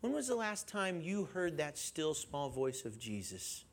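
A man preaching a sermon in an animated way, questioning his listeners and chuckling as he goes. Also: fairly high pitch, unhurried. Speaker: pastor.

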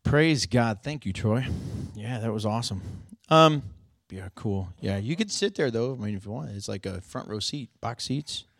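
A man preaching a sermon as pastor, relaxed and joking with the congregation between scripture readings. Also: lowish voice, normal speed, no room sound, clean studio sound. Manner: casual, joking asides to the congregation.

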